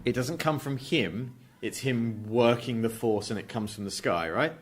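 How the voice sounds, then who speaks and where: Male co-host, mid pitch, casual and thoughtful delivery. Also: normal speed, a little hiss or hum. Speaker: podcast co-host. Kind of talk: casual podcast chat.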